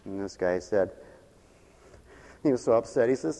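A man's voice: lowish voice, expressive, moderate pace, warm tone, big-room sound. An older man preaching a sermon in a folksy, humorous storytelling way.

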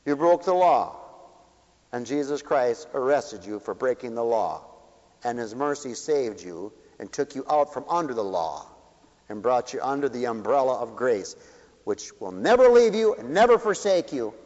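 A man preaching a sermon, swinging from loud declarations to hushed asides. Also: mid-range voice, sing-song. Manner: rapid asides to the audience. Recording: dull echoey hall recording.

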